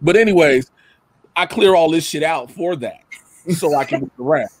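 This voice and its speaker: A man chatting casually from his home setup, telling animated stories, loudly acting out quotes and swearing freely. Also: fairly high pitch, normal speed, husky, no room sound. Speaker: guest. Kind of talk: casual chat. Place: home room with a computer setup. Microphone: computer mic or camera.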